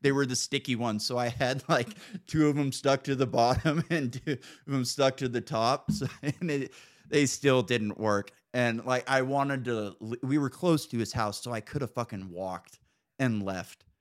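A man's voice: mid-range voice, moderate pace. A man hosting a podcast in casual chat, telling loose, profane stories. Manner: loose, profane storytelling with laughs. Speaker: podcast host.

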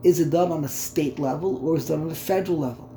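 Speaking quickly in a warm, fairly high voice, a Torah teacher thinks aloud during a text study lesson and repeats words as he goes through the terms. Faint hum and room echo are audible.

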